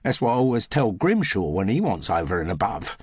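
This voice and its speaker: A man's voice: on the low side, very animated, fairly quick, husky, dry recording, studio quality. A man voicing a cheeky young housemaid with a Cockney accent, chatty and practical. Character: cheeky young cockney housemaid, former music-hall player.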